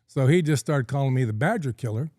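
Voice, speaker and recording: Speaking fast with lively intonation, this middle-aged Californian podcast guest has a mid-range voice with a dark tone. He wanders through a long, folksy story peppered with ums and uhs, and there's no room sound.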